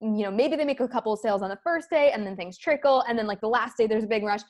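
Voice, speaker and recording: A woman's voice: on the high side, fast, darkish tone. A woman hosting a coaching podcast interview, chatty and casual with slang and swearing. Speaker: host, business coach.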